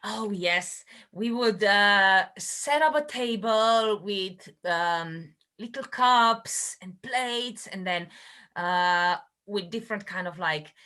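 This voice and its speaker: A woman's voice: medium pitch, takes it slowly, bright, forceful tone. A woman who is a guest in a casual online chat, speaking hesitantly with many fillers.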